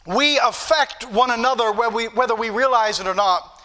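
High bright-voiced preacher man. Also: brisk. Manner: preachy, repetitive emphasis. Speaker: pastor. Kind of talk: sermon.

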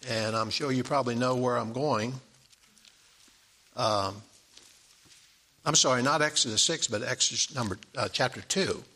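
A man's voice: mid-range voice, sharp tone. A middle-aged man preaching a sermon in an easygoing, conversational way, reading scripture aloud.

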